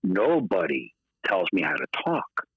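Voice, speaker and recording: Animated husky-voiced man telling a story. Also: sits low, measured pace, no echo. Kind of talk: casual storytelling chat. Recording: dull, dry podcast audio.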